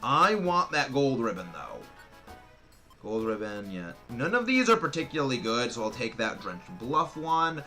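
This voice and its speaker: An excitable male streamer rambles through casual gameplay commentary, his pitch swinging widely as he trips over his own sentences. His voice is bright and forward, with faint game music playing underneath. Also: unhurried. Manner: excitable, rambling with many restarts.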